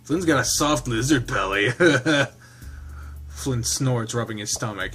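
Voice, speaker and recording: Man narrating a visual novel playthrough, casual, rambling asides, medium pitch. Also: expressive, slow pace, fairly bright tone, slightly rough. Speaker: game streamer. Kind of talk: reading a visual novel aloud with commentary.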